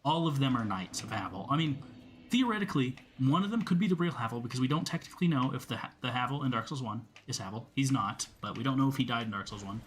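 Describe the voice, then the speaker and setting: A man's voice: medium pitch, expressive, fast, few pauses, faint music behind. Casual young man talking over gameplay. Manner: rambling, swears freely, talks to the enemy. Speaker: gameplay streamer.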